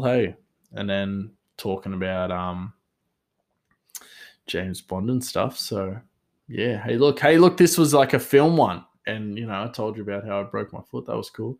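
A man's voice: medium pitch, darkish tone. A man hosting a solo talk show, rambling casually with many fillers and restarts. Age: adult father. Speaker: podcast host.

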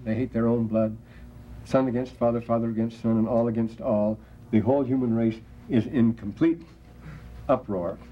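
Guy lecturing a class, reads old texts out loud, lots of restarts and side notes, muffled lo-fi tape with a bit of hiss. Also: medium pitch. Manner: discursive, many restarts and asides, reads passages aloud. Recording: dull lo-fi classroom recording with faint hiss.

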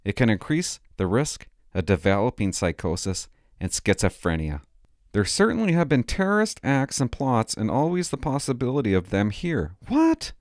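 A middle-aged man doing stand-up comedy, sarcastic and mock-outraged, swinging between loud outbursts and muttered asides. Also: mid-range voice, sing-song, normal speed, dry recording, clean studio sound. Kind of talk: stand-up comedy with ironic reading.

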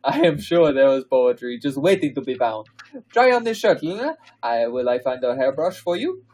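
A man voicing an elegant young French woman with a high falsetto and a put-on French lilt, as part of a comedic podcast reading. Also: very animated, normal speed, darkish tone. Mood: gushing.

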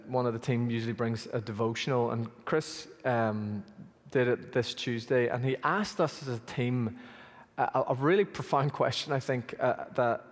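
A male pastor preaching a sermon, telling stories with lively emphasis, in a church hall. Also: medium pitch. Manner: storytelling, rising to animated emphasis. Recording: long reverb of a large hall.

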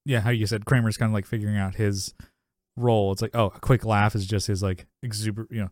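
A man's voice: fairly low pitch, little pitch movement, fast talker, a little mellow, no echo, clean studio sound. A man co-hosting a podcast in casual chat, rambling through a sitcom episode recap, laughing often and acting out the characters' lines. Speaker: podcast co-host.

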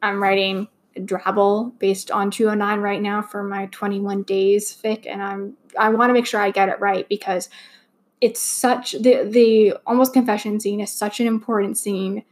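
A woman's voice: mid-range voice, level tone, moderate pace. Rambling young woman podcaster, heartfelt. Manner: rambling, heartfelt, many fillers and restarts. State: slightly choked up. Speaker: podcast host. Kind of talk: casual fan podcast monologue.

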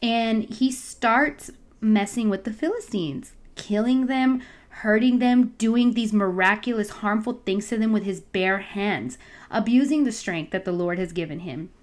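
Young adult woman, casual storyteller, lively and slangy, middle pitch. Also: measured pace. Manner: chatty, animated, acts out voices with slang. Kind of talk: casual Bible story retelling.

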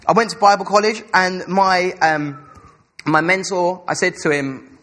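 A young man giving an informal sermon, chatty and self-deprecating, reading scripture slowly and stumbling over names. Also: high voice, a bit bright. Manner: slow careful scripture reading. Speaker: preacher.

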